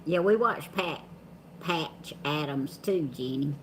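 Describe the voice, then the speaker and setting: A woman's voice: sits low, lively intonation, takes it slowly. A woman from with a drawl, chatting casually on a live stream and answering viewers by name. Her voice swings widely up and down as she talks, easygoing and folksy, with a faint hiss behind her. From Georgia, US. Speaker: co-host of a live chat stream. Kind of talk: casual chat reading viewer comments.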